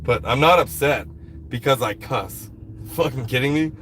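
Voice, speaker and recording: Guy on a live stream w a cold, cusses a lot, blunt, mid pitch, bit of outdoor noise. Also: moderate pace, fairly bright tone. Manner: blunt, heavy swearing, irritated with a commenter. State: fighting a cold, coughing. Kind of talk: casual live stream chat. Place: outdoors at a rural camp.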